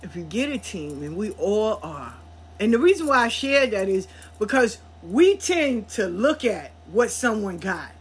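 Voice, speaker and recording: A woman hosting a podcast, telling a story in a blunt, profane, animated way. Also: mid-range voice, unhurried, breathy edge. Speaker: podcast host. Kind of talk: casual storytelling monologue.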